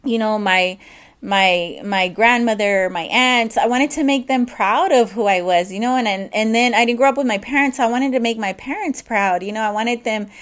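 A woman talks through her own podcast in a loose, personal monologue, circling back and restarting her thoughts. Her voice sits a little higher than usual. She sounds candid and unscripted. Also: normal speed. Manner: candid, rambling with frequent restarts. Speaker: podcast host.

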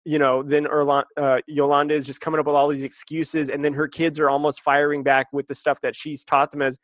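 A man's voice: on the high side, little pitch movement, a little fast, a bit bright, no room sound. A man co-hosting a casual chat, talkative and wry, laughing often. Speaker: podcast co-host.

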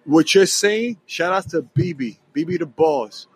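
Husky ny guy, kinda high voice, talking fast and excited on a podcast, throws in spanish bits. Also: poor audio. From New York City. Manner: animated, rapid storytelling with Spanish slipped in. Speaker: guest musician. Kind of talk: casual podcast chat.

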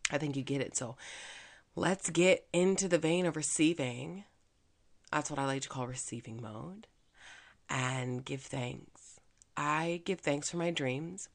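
A woman's voice: deep voice, a little slow. A woman hosting her own podcast, talking alone in a chatty, upbeat way with plenty of fillers. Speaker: podcast host. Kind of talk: casual solo podcast monologue.

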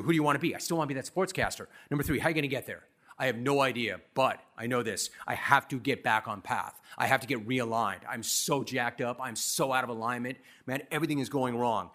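A middle-aged man from Los Angeles giving a commencement speech, telling his story in a punchy, self-deprecating, animated way. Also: mid-range voice. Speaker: commencement speaker. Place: university commencement ceremony.

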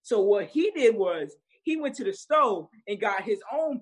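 Husky-voiced young man, easygoing guest who laughs a lot and talks in loose restarts. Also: sits high, very animated, normal speed, few pauses, rough recording. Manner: laughs often, rambling with restarts and fillers. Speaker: guest, social media creator. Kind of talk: casual interview chat.

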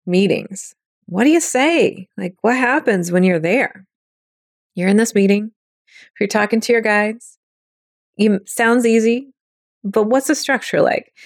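A woman with a mid-range voice hosts a podcast of casual spiritual teaching, chatting warmly and acting out quoted thoughts in little voices. The sound is clean studio audio with no echo.

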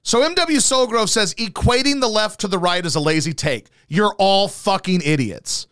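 A man in the middle of a profane comedic rant, his voice jumping up and down in pitch. His tone is bright and forceful, and his manner stays combative and sarcastic, with a curse in almost every line. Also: animated, moderate pace, clear, resonant tone. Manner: combative, sarcastic, swears constantly. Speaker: podcast co-host. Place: house.

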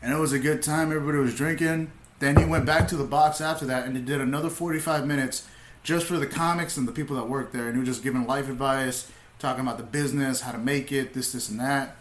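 A young man, a comedian, telling stories in laid-back casual talk, swearing freely and getting animated as he retells. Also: medium pitch, fast talker, echoey room, a little hiss or hum. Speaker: comedian, podcast guest. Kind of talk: casual storytelling.

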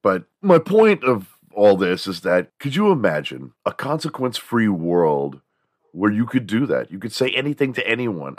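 His voice is fairly low, captured dry at studio quality. He hosts a podcast, rambling through a casual, profane comedy rant and occasionally breaking into impressions of other people in bursts.

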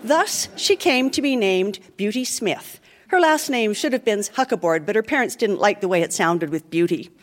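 A woman reading a dark comic story aloud in an animated, playful way. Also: medium pitch, normal speed.

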